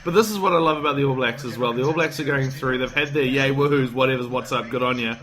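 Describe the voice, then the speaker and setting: A man hosting a casual podcast, excited and rambling, swearing freely, tired from staying up late. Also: mid-range voice, fast. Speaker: podcast host.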